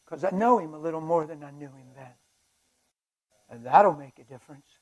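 A man preaching a fervent sermon at a men's breakfast, swinging between shouts and hushed asides and laughing with the crowd. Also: on the high side, normal speed, pauses often. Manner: laughs and chats with the audience.

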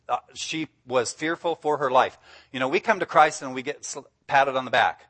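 A guest preacher delivers a sermon with lively enthusiasm in an ordinary mid-pitched voice at a moderate pace. He drives his points home emphatically and laughs freely in between.

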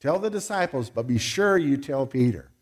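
A man's voice: medium pitch, lively intonation, normal speed, slightly rough. A man preaching a sermon in a conversational way, acting out quoted voices as he goes.

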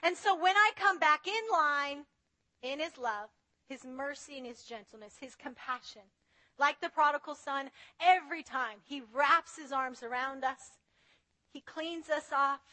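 A woman's voice: high voice, a little slow, sharp tone, low-quality recording. A woman preaching a sermon in an earnest, conversational way, telling personal stories. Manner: earnest, conversational, tells anecdotes.

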